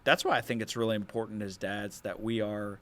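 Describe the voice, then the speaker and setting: Low-voiced reflective man, podcast co-host. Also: fairly even intonation, brisk, fairly bright tone. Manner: reflective, tells stories, many likes and restarts. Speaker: podcast co-host, former youth minister. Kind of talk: casual faith-based chat.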